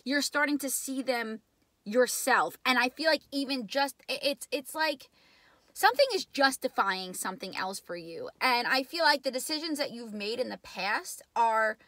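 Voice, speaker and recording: A woman talks through a tarot reading in a high, bright voice, rambling and emotional with plenty of swearing and fillers. The sound is close and dry, with no room around it. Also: lively intonation, normal speed, dry recording. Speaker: tarot reader. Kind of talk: casual tarot reading vlog.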